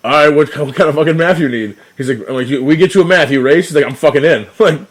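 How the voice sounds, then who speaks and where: Pitched fairly high and talking quickly, this male podcast co-host tells a rambling, profane story in casual chat, laughing often along the way.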